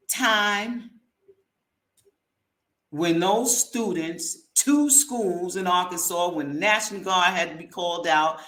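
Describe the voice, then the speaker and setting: Brief: woman host, slow-paced heated commentary, roomy echo. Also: lowish voice, a bit bright. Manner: blunt, heated and slangy. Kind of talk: opinionated commentary monologue. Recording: echoey room.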